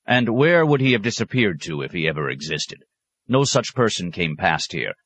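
A man's voice: sits low, big pitch swings, normal speed, fairly bright tone, slight background noise, exaggerated voice. A man voicing a stern, sarcastic abbot who questions a novice with cutting mockery. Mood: severe. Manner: mocking, cutting, sometimes roaring.

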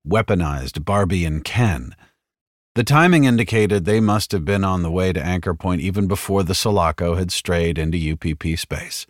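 A man's voice: low voice, dry recording. A man narrating an audiobook in a dry, sardonic delivery. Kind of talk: scripted narration.

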